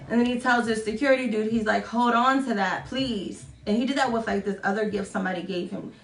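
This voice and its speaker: A woman's voice: fast talker, vocal fry, hardly any pauses, faint music behind. Chatty woman in an echoey room. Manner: chatty, swearing, self-mocking, acts out quotes in high voices. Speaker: vlogger. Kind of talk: casual storytelling vlog.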